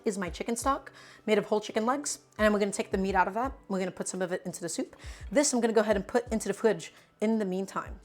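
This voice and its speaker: Young woman, cooking streamer, casual and playful, home kitchen, light music underneath. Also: fairly high pitch. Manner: chatty, playful, answers chat questions.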